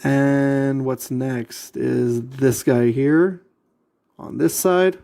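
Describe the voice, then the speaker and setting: A man's voice: medium pitch, steady tone, extremely slow, gravelly, mellow. A man vlogging while he assembles a model kit, talking to himself and his viewers in an exasperated, muttering way and repeating himself often. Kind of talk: casual talk while assembling.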